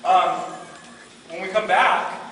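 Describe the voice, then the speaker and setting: A middle-aged man teaching a martial arts class, telling animated stories and acting out quotes. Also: high voice, takes it slowly. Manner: animated storyteller, acts out quotes, laughs often. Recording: echoey hall from far off, background noise.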